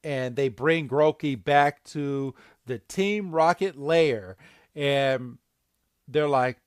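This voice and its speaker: Slow-talking man recapping a cartoon. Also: no echo, clean studio sound. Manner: acts out characters with big high-pitched voices. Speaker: podcast co-host. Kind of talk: casual episode recap.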